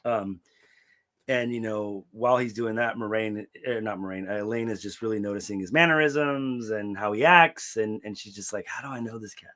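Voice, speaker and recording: A young man co-hosting a book podcast in casual chat, laid-back and swearing freely, acting out quotes with sudden loud yelps. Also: on the low side, normal speed. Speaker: podcast co-host recapping a book series.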